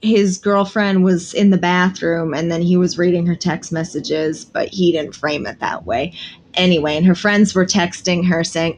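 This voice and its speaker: A woman's voice: lowish voice, steady tone, normal speed. A woman co-hosting a podcast, casually recapping episodes with amusement. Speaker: podcast co-host. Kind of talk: casual chat.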